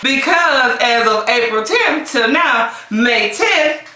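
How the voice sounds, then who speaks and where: A woman's voice: on the high side, expressive, takes it slowly, sharp tone. A woman hosting a mukbang eating vlog from home, exuberant, breaking into song and cheers, then murmuring over her food. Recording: echoey room, mic at a distance, faint hiss.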